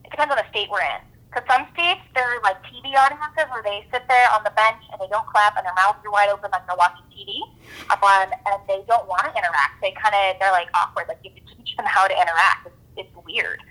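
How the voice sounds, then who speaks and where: A woman comedy performer chatting in an interview, animated and quick to act out quotes. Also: medium pitch, poor audio. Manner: animated, acts out quotes, laughs often. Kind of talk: casual interview chat.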